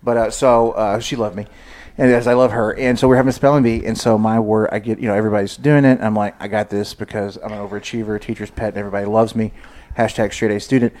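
A man's voice: fairly low pitch, fast. Man, podcast host, casual storytelling, acts out quotes. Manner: animated, acts out quotes in his stories.

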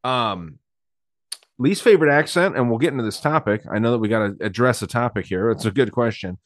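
A man co-hosts a podcast, blunt and laid-back as he chats casually. His voice is fairly low and sounds dry and close. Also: lively intonation, brisk, no room sound. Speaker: podcast co-host. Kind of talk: casual chat.

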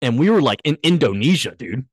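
A man's voice: mid-range voice, sing-song, brisk, breathy edge, no echo, studio quality. A man co-hosting a casual podcast, retelling a TV episode and acting out the characters' lines. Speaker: podcast co-host recapping a TV episode. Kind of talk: casual chat.

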